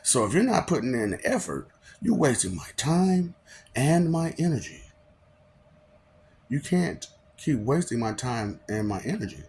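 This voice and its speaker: With a sing-song, unhurried delivery and a darkish tone, this medium-pitched man casts himself as a god talking to viewers. Slight background noise accompanies his preachy, meandering monologue, full of laughter, derisive rhetorical questions, and the odd stumble over words.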